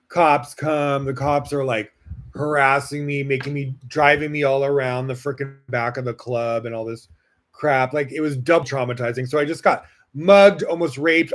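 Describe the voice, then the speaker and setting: Man telling a frank personal story. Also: mid-range voice. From Las Vegas, United States. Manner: casual, heavy use of "like" fillers, frank and animated. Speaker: podcast host.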